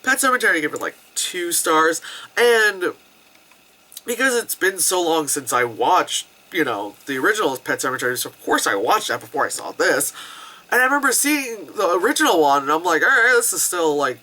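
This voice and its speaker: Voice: mid-range voice, sing-song, normal speed, pushed and bright. A film reviewer in their thirties ranting casually about movies, chatty and swearing, with lots of fillers. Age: 30s. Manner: chatty, swears, full of fillers and bits of mock voices. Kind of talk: casual rant-style review.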